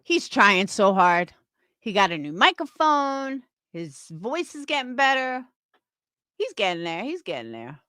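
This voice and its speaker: A woman's voice: on the high side, sing-song, a little slow, sharp tone, clean tone, no echo, studio quality. A woman in her fifties ranting on a livestream, profane and scornful, mocking her critics. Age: 50s. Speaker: livestream host.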